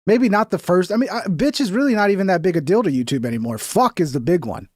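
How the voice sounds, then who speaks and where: A man hosting a livestream reacts to video clips with casual mockery and plenty of swearing, speaking fast in a high-pitched, animated, slightly mellow voice. The recording is dry and studio quality.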